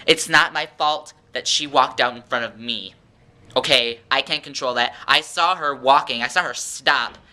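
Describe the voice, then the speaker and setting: A man's voice: mid-range voice, moderate pace, sharp tone. A teenage boy ranting in a sarcastic, exasperated vlog monologue at home. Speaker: vlogger.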